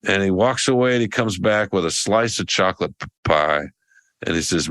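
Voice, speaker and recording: A deep-voiced man talks casually on a podcast, telling a meandering story. He often restarts his sentences and wanders off track. The sound is close and dry, with no room echo. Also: expressive, moderate pace, fairly bright tone. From American South. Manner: rambling storyteller with many restarts. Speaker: podcast co-host. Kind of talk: casual chat.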